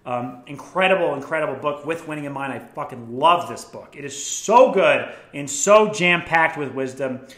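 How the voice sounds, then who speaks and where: Young guy hyped about books, cursing a lot, bright voice, echoey room. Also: on the high side, animated, moderate pace, hardly any pauses. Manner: profane, enthusiastic storytelling. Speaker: vlogger. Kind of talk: casual book recommendations.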